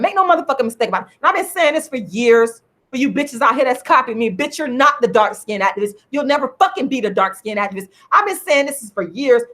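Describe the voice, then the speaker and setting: A woman's voice: fairly high pitch, fairly bright tone. A middle-aged woman ranting angrily to camera in a profane, repetitive vlog, hammering her points home. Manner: heated, profane, repetitive, emphatic. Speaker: online commentator. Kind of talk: angry profane vlog rant.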